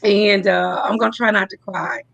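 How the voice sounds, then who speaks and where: A woman's voice: mid-range voice, steady tone, normal speed, creaky, a bit bright, dry recording, dull audio. A woman from Tennessee, speaking effusively to viewers on a video call as she hosts a live-stream announcement. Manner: effusive, laughing, addresses viewers as y'all. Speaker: host announcing her new venture.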